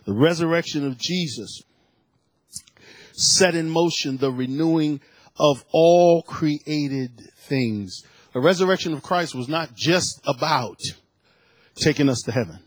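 Guy preaching, kinda high voice, goes from calm teaching to shouting, dry sound. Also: slightly rough, dry recording. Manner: builds from calm teaching to shouted, emotional fervor; reads scripture aloud between comments. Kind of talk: sermon.

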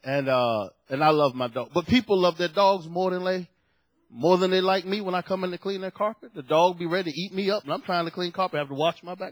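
Animated male preacher, dry close sound. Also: high-pitched, brisk, no room sound. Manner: animated storytelling, acting out voices in quotes. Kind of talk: sermon. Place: at a lectern before a congregation.

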